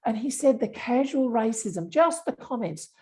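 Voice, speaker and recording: A woman's voice: fairly high pitch, expressive, normal speed, warm tone. A woman, a bias specialist answering interview questions in an earnest, explanatory way. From Australia. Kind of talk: interview conversation.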